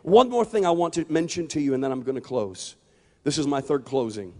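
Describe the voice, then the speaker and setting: A man preaching an evangelistic sermon with impassioned delivery that builds to shouts. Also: medium pitch, animated, a little fast. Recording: long hall reverb.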